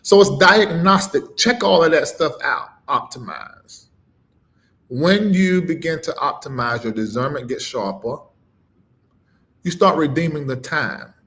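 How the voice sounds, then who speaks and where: A middle-aged man preaching on a live stream, emphatic and informal, swinging between loud punches and low murmurs and repeating phrases with a rising cadence. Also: expressive, a little slow. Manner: informal, dropped verb endings. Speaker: preacher and livestream host.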